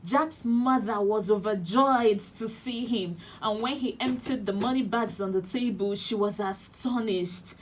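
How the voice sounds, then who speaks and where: Slow Nigerian woman reading a fairy tale. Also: medium pitch, a little hiss or hum. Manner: slow, expressive storytelling. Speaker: children's radio host. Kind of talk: storybook reading aloud. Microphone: studio radio mic.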